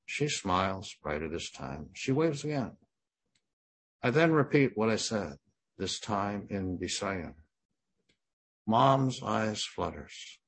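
A man in his sixties reading his first-person memoir in a plain, measured way. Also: lowish voice, very animated, vocal fry. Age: 60s. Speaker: memoir narrator.

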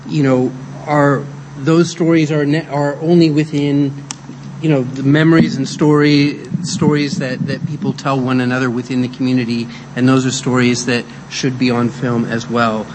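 Hesitant man over clear room noise. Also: medium pitch, level tone, moderate pace. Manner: hesitant, lots of ums and restarts. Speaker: film co-director on a panel. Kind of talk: closing panel remarks.

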